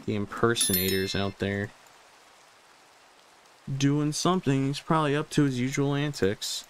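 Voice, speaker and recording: A young man giving live commentary on a game he is playing, talking out loud to himself. He speaks slowly and unhurried, with an even middle pitch, and often repeats his words when startled. A faint hiss of noise sits under the voice. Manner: talks to himself, repeats phrases, jumpy and exclaiming. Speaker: gaming video host.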